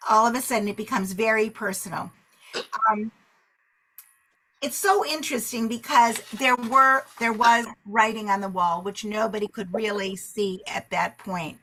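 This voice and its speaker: A woman leading a book club discussion, animated and acting out the characters' lines as she retells the story. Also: medium pitch, moderate pace.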